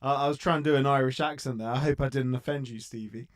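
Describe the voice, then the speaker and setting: A man's voice: medium pitch, fairly even intonation, fast. A man co-hosting a casual football fan podcast, chatty and joking, with lots of restarts and fillers. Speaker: podcast co-host.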